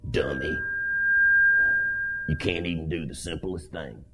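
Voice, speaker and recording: A man's voice: very deep voice, unhurried, over loud music, voice pushed down. A man voicing the taunting voice of addiction. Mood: sneering. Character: sneering inner voice of addiction, taunting and scornful.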